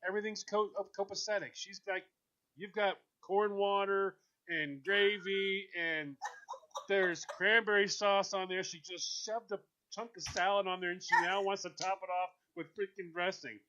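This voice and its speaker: Radio host guy telling a story all animated, bright voice, kinda dull lo-fi sound. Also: high-pitched, moderate pace. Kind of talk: casual chat on a call-in show.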